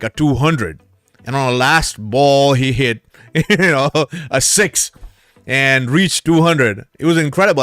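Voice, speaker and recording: A man's voice: medium pitch, no echo. A middle-aged man, host of a crypto channel, telling casual stories with frequent laughter and swearing. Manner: excitable, laughs often, swears freely. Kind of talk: casual storytelling.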